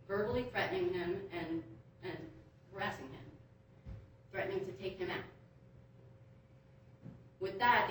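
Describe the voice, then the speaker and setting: At a hearing, a woman with a medium-pitched voice gives public comment, airing her complaints in an aggrieved tone and saying "um" a lot. She's recorded from a distance in a large, echoey meeting room, with a little hiss or hum audible.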